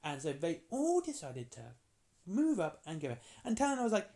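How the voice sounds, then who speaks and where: Casual lore rambling, jokey asides, swooping pitch. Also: wildly swooping pitch, dark tone. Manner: chatty and jokey, acts out characters in quick asides. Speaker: tabletop game lore explainer.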